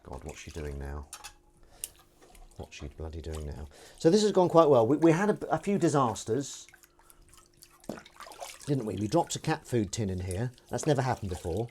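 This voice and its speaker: A man's voice: medium pitch, big pitch swings, moderate pace, pauses often, darkish tone, a little hiss or hum. Comedian guy rambling on a live stream at the sink, bouncy up-and-down voice, faint running water behind. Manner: rambling, self-deprecating, reads out chat comments. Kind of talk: casual live-stream chat to viewers.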